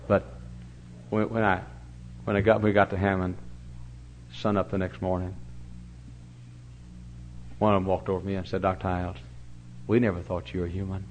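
An older male pastor preaching a sermon in a fairly low voice. He tells stories and swings from booming emphasis to quiet asides. The recording is dull and lo-fi, with a faint hum underneath. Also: normal speed, pauses often. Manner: storytelling, animated swings from loud to hushed. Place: church sanctuary.

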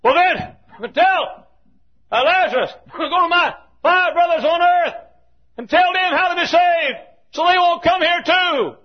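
A man voicing a tormented rich man in hellfire, shouting and pleading desperately. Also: extremely high pitch, unhurried, voice pushed up. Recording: dull lo-fi recording.

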